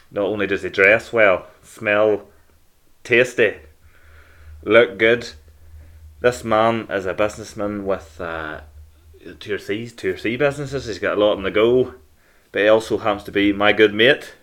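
A cheeky Northern Irish man hosts a podcast, cracking crude jokes in casual banter. His voice sits on the lower side. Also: unhurried, fairly bright tone. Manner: cheeky, jokey, crude humour. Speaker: podcast host.

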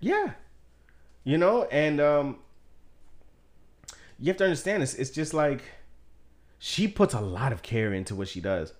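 Animated, profane man chatting about a movie. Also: a little high, measured pace, pauses often. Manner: profane, joking, animated storyteller. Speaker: podcast co-host. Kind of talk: casual movie-discussion chat.

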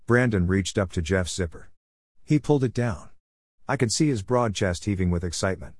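A man reading a first-person story in a steady, even way. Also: deep voice, normal speed, dry recording, studio quality. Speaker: narrator.

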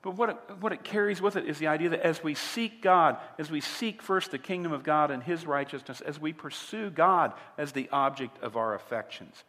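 A man's voice: a little high, moderate pace, few pauses, sharp tone, long reverb tail. A man preaching a sermon as a pastor, emphatic and asking his listeners direct questions. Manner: emphatic, asks the audience rhetorical questions.

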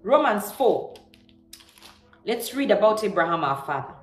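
A woman's voice: medium pitch, big pitch swings, a little slow, faint music behind. A woman preacher giving a devotional sermon, emphatic and repeating her key lines for effect. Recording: echoey room.

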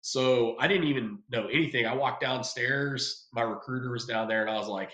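A man's voice: mid-range voice, normal speed, fairly bright tone, dull audio. A man from California spins a story in loose, slangy talk, putting on the voices of the people he met. His voice sits in the middle range. The room around him has an audible echo. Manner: laid-back, slangy, acts out quoted voices. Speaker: guest. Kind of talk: casual storytelling. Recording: roomy echo.

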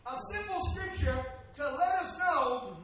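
A man's voice: very high voice, lively intonation, a little slow, crowd noise. A man preaching a sermon to a responding congregation, building lines into half-sung calls. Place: large church hall. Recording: echoey hall from far off with loud congregation.

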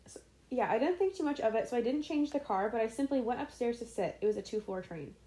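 A woman's voice: fairly high pitch, expressive, fast talker, mellow, roomy sound, low-quality recording. A young woman co-hosting a casual podcast, reading stories aloud, giggly and full of "like"s. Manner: giggly, talks with many "like"s. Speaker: podcast co-host.

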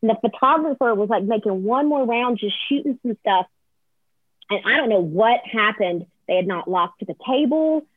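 A woman, a floral designer telling a story as a guest, lively and acting out quotes with sudden high squeals. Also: normal speed, no room sound. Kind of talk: animated storytelling. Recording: tinny phone-like line, dry.

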